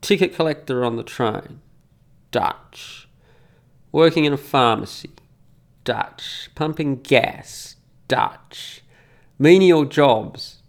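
Speaking slowly with vocal fry and long pauses, a middle-aged Australian commentator has a fairly high, lively voice. In a casual monologue reading comments, he's indignant and forceful, repeating words for emphasis.

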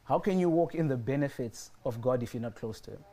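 A man's voice: mid-range voice, expressive, a little fast, warm tone. A man preaching a sermon and telling a personal story, repeating his phrases for emphasis.

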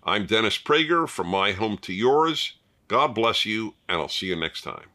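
A man's voice: fairly low pitch, big pitch swings, unhurried, sharp tone. An older man hosting a fireside chat, talking emphatically and repeating points for stress. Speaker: host.

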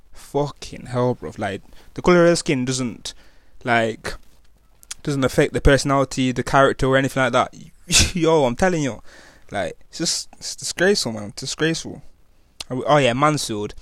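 A young adult man from England with a Nottingham, East Midlands accent gives casual personal testimony in street slang, full of fillers and restarts. His voice is medium-pitched, and the studio-quality recording has no room sound.

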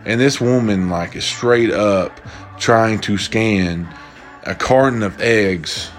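This young man's voice sits on the low side, and he takes his time. Faint music plays behind him as he animatedly retells casual stories in a cursing, exasperated rant.

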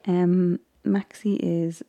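A woman's voice: fairly low pitch, little pitch movement, very slow, vocal fry, mellow. A woman vlogger chatting casually as she recaps a baking show, rambling with frequent ums and little laughs. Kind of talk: casual chat.

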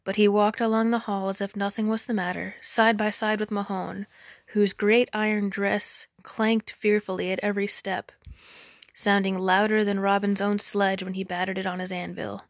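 A woman reading an old folk tale aloud in a measured, dramatic storytelling manner. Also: medium pitch, level tone, dry recording, clean studio sound. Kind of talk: storybook narration.

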